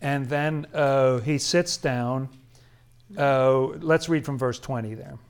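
A man's voice: mid-range voice, fairly even intonation, slow pace, clear, resonant tone. A man leading a Bible study, commenting on scripture in a casual, chatty way with frequent chuckles and emphatic asides.

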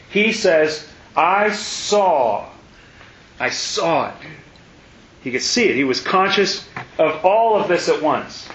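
A man leading a casual Bible study, animated and exclamatory, his voice jumping up when excited. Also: high voice. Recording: dull, roomy, faint hiss.

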